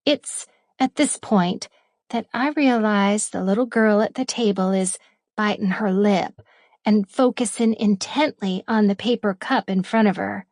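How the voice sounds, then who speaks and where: A woman narrates a romance audiobook in the first person, taking her time over each line. Her delivery is playful, with breathy asides. The voice sits close and dry, in a middle register. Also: mid-range voice, measured pace, a little mellow, dry recording.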